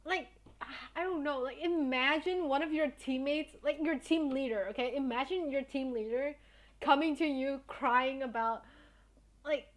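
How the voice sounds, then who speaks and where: A woman's voice: high-pitched, animated, moderate pace. A young woman streamer chatting casually with her viewers, telling a story in a blunt, indignant way and swearing often.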